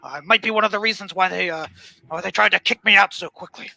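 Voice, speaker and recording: A man's voice: high-pitched, fast, creaky, pushed and bright, dry recording, exaggerated voice, rough recording. A man playing a scheming, disgraced former president in a comedy sketch, rambling and stammering.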